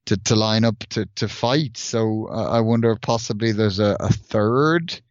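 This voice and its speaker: A man's voice: on the low side, moderate pace, dry recording, muffled recording. A man co-hosting a gaming podcast, chatting loosely with many restarts and reading out news items. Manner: rambling, many restarts and fillers. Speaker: podcast co-host.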